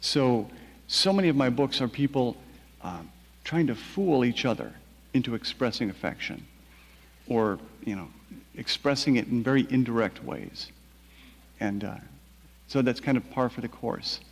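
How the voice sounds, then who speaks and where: A man, a novelist, recounting a personal story in a measured, quiet way with halting restarts. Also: mid-range voice, animated, big-room sound.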